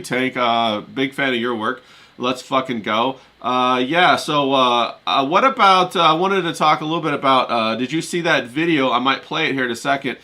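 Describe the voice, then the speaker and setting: A man with a bright, forceful voice hosts a live stream in loose, slangy chat. He greets viewers from the chat by name and keeps things easygoing. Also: medium pitch. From Kentucky. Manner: laid-back, slangy, shouts out chat viewers. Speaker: streamer host.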